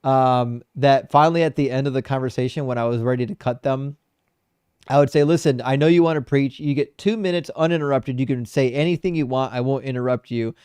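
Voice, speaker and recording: A man hosting a debate livestream, reading out super chats in blunt, profane, animated casual talk. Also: medium pitch, fairly quick, smooth, no echo, studio quality. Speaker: debate show host.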